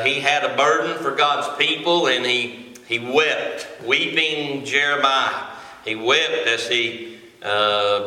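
A man in his forties preaching a sermon, folksy and halting, with frequent filler sounds, in a church sanctuary. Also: mid-range voice, sharp tone. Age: 40s. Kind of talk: sermon with a joke opener. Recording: echoey reverberant hall.

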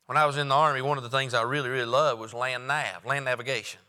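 Bright, emphatic preacher man in a hall. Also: mid-range voice, fairly even intonation, quick pace, clean tone. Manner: folksy storytelling with loud emphatic rises. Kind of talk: sermon.

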